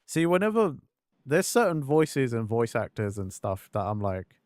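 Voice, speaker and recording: A man's voice: medium pitch, very animated, normal speed, a little mellow, dry recording, clean studio sound. Candid, foul-mouthed male streamer. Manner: candid, swears freely, laughs at himself. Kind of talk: casual live-stream chat over gameplay.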